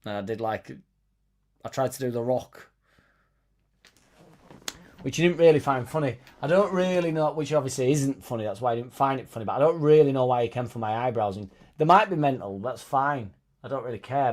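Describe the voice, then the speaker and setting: A man's voice: mid-range voice, a little mellow. A young man hosting a football fan live stream, chatting loosely and reading out viewers' comments with sweary, joking banter.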